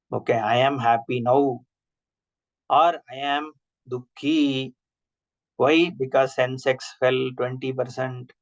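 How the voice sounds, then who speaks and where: A man giving an online scripture class, explaining with rhetorical questions and everyday examples and chanting Sanskrit terms slowly. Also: medium pitch. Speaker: Vedanta teacher. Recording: dull lo-fi online class audio.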